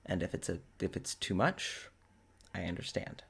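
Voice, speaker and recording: Man voicing a quiet, anxious bartender, halting and soft. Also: low voice, expressive, gravelly, breathy edge, voice pushed down, exaggerated voice. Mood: tentative. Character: awkward, earnest male bartender, quiet and anxious.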